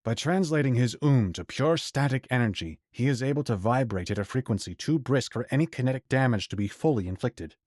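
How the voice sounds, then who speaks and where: A man reads a fantasy audiobook in a measured, even storytelling manner. His voice sits mid-range for a man. The recording is close and dry, with no room sound. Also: medium pitch, no room sound. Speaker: audiobook narrator. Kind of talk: scripted fantasy narration.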